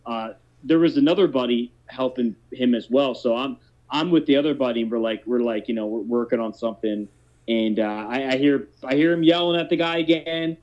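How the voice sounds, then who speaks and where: A man's voice: medium pitch, a little fast, darkish tone. Profane rambling man telling a story. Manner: rambling, profane, many restarts. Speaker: podcast host telling a story. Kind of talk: casual storytelling chat. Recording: dull lo-fi podcast audio.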